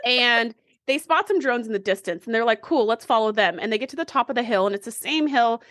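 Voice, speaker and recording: A woman's voice: on the high side, animated, fast talker, fairly bright tone, no room sound, studio quality. A woman co-hosting a podcast, casually recapping a TV episode and acting out the characters' lines. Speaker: podcast co-host.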